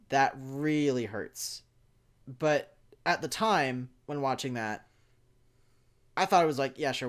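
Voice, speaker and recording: A young man in casual fan chat, his voice sitting at an ordinary middle pitch. He rambles excitedly, stacking fillers and restarts, and jumps up into loud bursts of enthusiasm. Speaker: podcast co-host.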